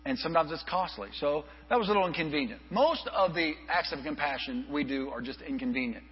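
A male pastor telling an animated story in a sermon, acting out the people he quotes. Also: a little high, fast talker. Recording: reverberant hall, dull lo-fi with mains hum.

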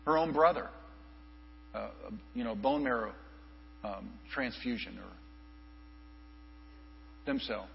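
A male pastor telling an animated story in a sermon, acting out the people he quotes. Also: medium pitch, slow pace, gravelly, pauses often. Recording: reverberant hall, dull lo-fi with mains hum.

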